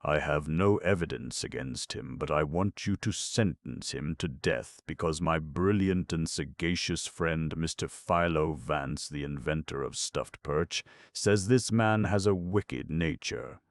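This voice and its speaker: A man's voice: a bass voice, unhurried, hardly any pauses, no echo, clean studio sound. A man reading an audiobook, voicing a stern, indignant district attorney who speaks bluntly and coldly. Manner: blunt, exasperated and cold.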